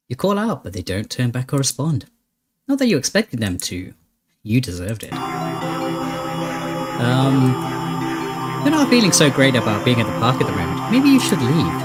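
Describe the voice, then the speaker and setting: A playful man hosts a let's play, reading a horror game's narration aloud with dramatic flair and joking asides. His pitch moves a lot. Game music sits clearly behind him. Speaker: gaming channel host.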